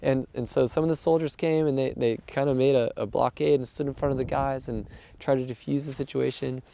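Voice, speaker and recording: A man's voice: medium pitch, fairly even intonation, a little fast, gravelly, mellow, a little hiss or hum. A man working as a missionary aid worker tells what happened in an earnest way, acting out the things people said. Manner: earnest storytelling, acting out quoted dialogue. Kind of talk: casual spoken account of events.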